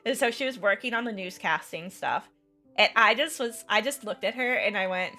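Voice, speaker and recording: A woman's voice: mid-range voice, animated, moderate pace, pushed and bright, soft background music. A young woman teacher chatting casually while she plays a game, rambling with many fillers and restarts and laughing often. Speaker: teacher and content creator. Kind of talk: casual storytelling chat while gaming.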